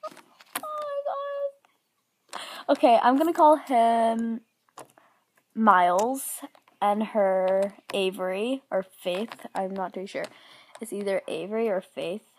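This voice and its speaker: A young woman vlogging an unboxing, gushing and gasping, often dropping to an excited whisper. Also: medium pitch, slow, a little hiss or hum.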